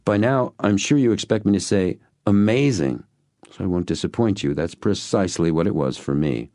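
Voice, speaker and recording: A man's voice: sits low, fairly quick, mellow, no room sound, studio quality. A man narrating an audiobook in an earnest storytelling manner. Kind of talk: scripted narration.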